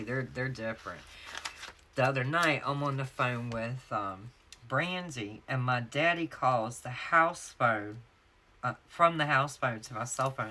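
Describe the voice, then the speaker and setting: A planner vlogger from North Carolina, speaking with a Southern US accent, chats casually with viewers she calls y'all as she sets up her planner and tells stories. Her voice is extremely low, pushed and bright, with a little hiss or hum in the recording.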